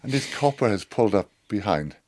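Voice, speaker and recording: Middle-aged man, low voice, lively cheeky storyteller with a salty mouth. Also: a little fast. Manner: animated, sweary storyteller. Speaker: podcast guest. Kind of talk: storytelling anecdote.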